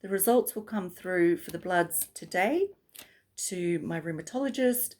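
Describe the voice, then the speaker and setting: A woman's voice: fairly low pitch, expressive, a little slow, a little mellow. A woman vlogger talking casually to camera, rambling and chatty, breaking into laughs often.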